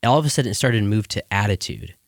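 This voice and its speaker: A man speaking as a guest in a casual chat, earnest and relaxed, with many "you know" fillers. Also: fairly low pitch, racing, vocal fry, dry recording, studio quality.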